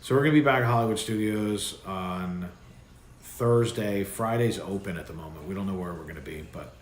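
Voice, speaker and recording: A man's voice: deep voice, normal speed. A man hosting a livestream, chatting casually and rambling with loose restarts. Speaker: livestream host. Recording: echoey room with faint background noise.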